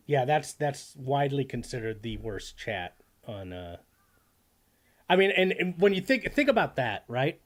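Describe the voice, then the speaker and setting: Man streamer, slightly high voice, rambling and swearing, reads chat out loud. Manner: rambling, profane, laughs often, reads chat aloud. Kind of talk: live stream reaction commentary.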